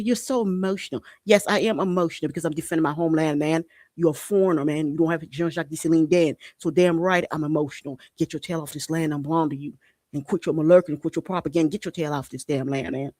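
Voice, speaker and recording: A man's voice: a little high, no room sound. A man hosting a podcast, delivering an impassioned political monologue, fiery and repetitive, swearing and hammering his points home. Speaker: podcast host.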